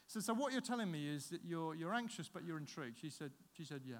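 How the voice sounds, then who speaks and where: Man, pastor, slightly high voice, preaching in a big echoing hall, animated storyteller who acts out the voices. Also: fast talker, few pauses. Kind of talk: sermon. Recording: long reverb of a large hall.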